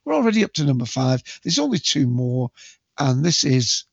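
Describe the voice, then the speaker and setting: A man hosting a casual movie quiz, chatty and jokey, with bursts of loud quote acting. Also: mid-range voice, sing-song, moderate pace, vocal fry, breathy edge, no echo. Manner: chatty, jokey, self-mocking, acts out movie quotes loudly. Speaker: quiz host. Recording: dull lo-fi dry home recording.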